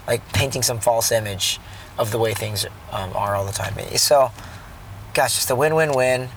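Earnest dad telling a story from the car. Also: male voice, medium pitch, normal speed, vocal fry, slight background noise, rough recording. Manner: rambling, earnest, with frequent restarts. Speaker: father telling his day. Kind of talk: casual storytelling while driving.

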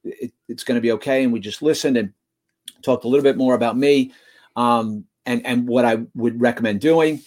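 Earnest male guest speaker, mid-pitched, stumbling restarts as he tells a story. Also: normal speed, a little mellow. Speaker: guest, motivational school speaker. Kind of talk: storytelling in conversation.

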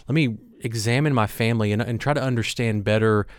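Smooth-voiced man co-hosting a podcast. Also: medium pitch, fast talker, no room sound, studio quality. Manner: thoughtful, earnest, many fillers and restarts. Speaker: podcast co-host. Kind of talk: conversational leadership podcast.

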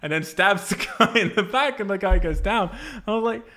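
A man on a casual talk show, ranting in an animated, profane way and breaking into laughs. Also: sits high, a little fast. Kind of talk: casual chat.

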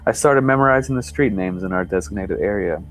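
A man reading a first-person horror story aloud in a measured, suspenseful way. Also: lowish voice. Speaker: podcast storyteller.

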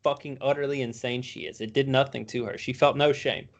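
A man co-hosting a casual podcast, swearing freely as he tells animated stories. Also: medium pitch, fairly quick, muffled recording. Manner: profane, animated storytelling. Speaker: podcast co-host. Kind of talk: casual chat.

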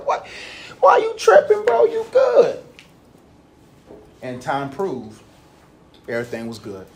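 Young man, preacher, high voice, casual sermon storytelling, shifts loud to low. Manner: conversational preaching with storytelling and slang; swings from loud to low and back. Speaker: pastor.

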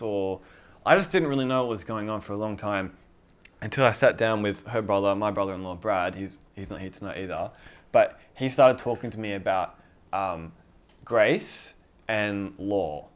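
Young male preacher, lower pitch, chatty and laid-back delivery. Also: normal speed. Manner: conversational, lots of filler likes, laughs easily. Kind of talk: casual sermon.

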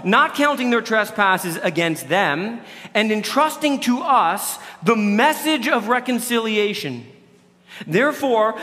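A man's voice: high voice, expressive, a little slow, sharp tone, big-room sound. A man preaching a sermon in a loose, conversational way, often restarting his sentences. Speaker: pastor.

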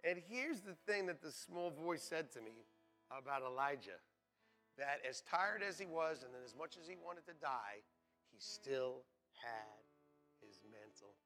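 A man preaching a sermon as pastor, swinging between hushed, quiet passages and loud, shouted exclamations. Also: on the high side, lively intonation, moderate pace, faint music behind.

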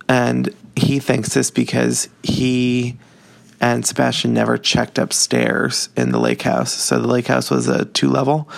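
A man's voice: mid-range voice, vocal fry. A young man casually recapping a book, candid and chatty, often breaking into laughter. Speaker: book reviewer.

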